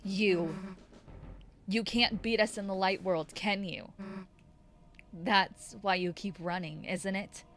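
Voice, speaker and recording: A woman voicing a tough, brash female monster teen who talks in a gruff, taunting way, reading game lines aloud. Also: mid-range voice, fairly even intonation, slow pace, long pauses, a bit bright, slight background noise. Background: game music.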